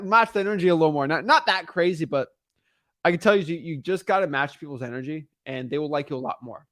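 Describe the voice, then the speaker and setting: A man's voice: a little high, lively intonation, quick pace, fairly bright tone, no echo, studio quality. A man teaching real estate wholesaling in a casual monologue, often checking in with "right?" and "okay?" and restarting his sentences.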